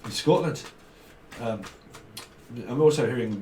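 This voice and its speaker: An animated man from Britain, mid-range in pitch and speaking at a normal pace, gives a chatty, rambling tarot reading. He keeps joking and laughing and slides into slang and funny voices. A distant mic picks him up in an echoey room with faint background noise.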